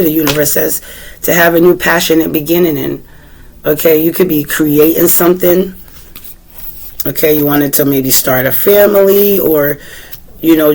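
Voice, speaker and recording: A woman with a Boston accent giving a casual tarot reading, chatting freely and asking the cards questions aloud, often clearing her throat. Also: deep voice, darkish tone, slight background noise, poor audio. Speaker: tarot reader.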